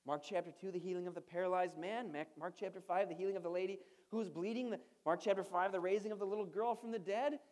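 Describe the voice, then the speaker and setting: A man's voice: high voice, steady tone, quick pace, hardly any pauses, a little mellow. A male pastor giving a sermon in a conversational style, asking the congregation rhetorical questions and adding playful asides.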